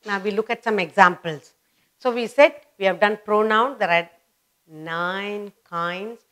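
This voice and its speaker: A woman with an Indian English accent teaching grammar, saying words slowly and repeating them for learners. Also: medium pitch, a bit bright. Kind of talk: slow classroom explanation.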